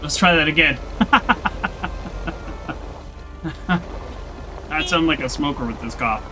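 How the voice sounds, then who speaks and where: A man's voice: on the high side, animated, very slow, music in the background, poor audio. A young man streaming a video game, chatting casually and joking with mock indignation. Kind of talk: casual gameplay commentary.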